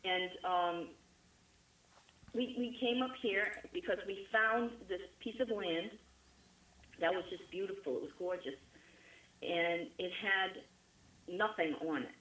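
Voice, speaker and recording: A woman's voice: mid-range voice, slow, long pauses, a bit bright, rough recording. A middle-aged woman from Rhode Island with a strong Rhode Island New England accent, chatty and emphatic, talking as an interview guest. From Rhode Island, USA. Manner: chatty, emphatic, laughs often. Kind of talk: conversational interview.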